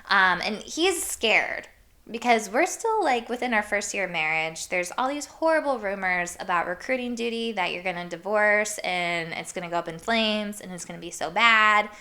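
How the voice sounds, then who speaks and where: Bright-voiced young woman rambling casually. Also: medium pitch, expressive, moderate pace. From Iowa, USA. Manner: chatty, peppered with "like" and swearing. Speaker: podcast host. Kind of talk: casual storytelling monologue.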